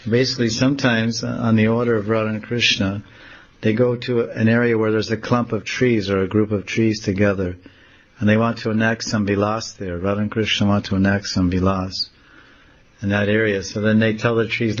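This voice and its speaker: A man, a swami, giving a devotional lecture, telling a story softly and acting out the scenes. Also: on the low side, normal speed. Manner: soft-spoken, animated storyteller acting out scenes. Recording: slightly muffled lo-fi recording.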